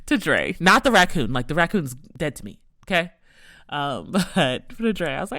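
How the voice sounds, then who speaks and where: A woman's voice: deep voice, sing-song, moderate pace, fairly bright tone, no room sound, studio quality. A young woman hosting a podcast, telling a story in a casual, rambling way full of "like" fillers. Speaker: podcast host.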